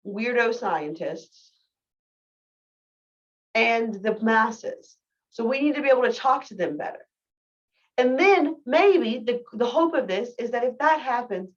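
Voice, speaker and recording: A woman in her thirties giving a recorded biology lecture in a casual, candid, self-deprecating way. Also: a little high. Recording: distant, dull lo-fi mic.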